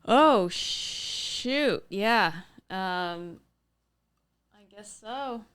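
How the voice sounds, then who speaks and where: A young woman co-hosting a comedic podcast, answering in short deadpan replies. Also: medium pitch, extremely slow, clean tone. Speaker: podcast co-host. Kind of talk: dry comedic podcast banter.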